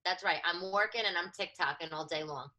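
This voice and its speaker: A woman in her thirties with a New York accent, a stand-up comic chatting on a podcast, loud and a bit nasal, with many quick restarts. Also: on the low side, poor audio. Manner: fast, animated, many restarts. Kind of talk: casual podcast chat.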